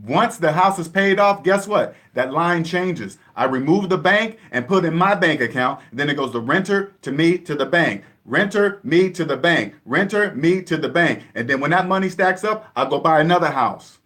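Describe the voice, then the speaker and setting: Guy from seattle area preaching about debt, fairly high voice, hammers points over and over. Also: lively intonation, normal speed, hardly any pauses, a bit bright. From Seattle area, USA. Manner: emphatic, repetitive, lecturing. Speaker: personal finance vlogger. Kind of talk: casual monologue to camera.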